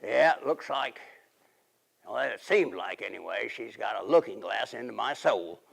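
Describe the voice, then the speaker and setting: A man's voice: lowish voice, animated, moderate pace, gravelly, heavily acted. A middle-aged man, playing a folksy, rambling 1880s riverboat man and husband in a period monologue.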